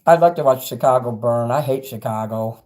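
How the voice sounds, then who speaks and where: A middle-aged man livestreaming and reading chat, ranting angrily and profanely, swinging between loud outbursts and quiet asides. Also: medium pitch, a little fast. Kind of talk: angry livestream rant.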